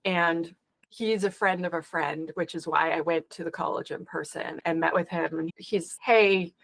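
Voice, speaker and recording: A woman guest on a podcast, telling stories with lots of quoted back-and-forth and a frustrated, animated edge. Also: fairly low pitch, moderate pace, creaky, dry recording, low-quality recording. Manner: animated, exasperated storytelling with quoted dialogue. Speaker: podcast guest, security educator. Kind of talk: conversational interview.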